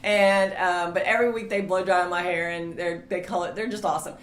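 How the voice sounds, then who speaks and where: A middle-aged woman, chatting casually as co-host of a marriage ministry video and telling stories with lively quoted voices. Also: lowish voice, brisk. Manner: chatty storyteller, animated quoting voices. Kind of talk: casual chat. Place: home studio room. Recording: roomy echo, faint hiss.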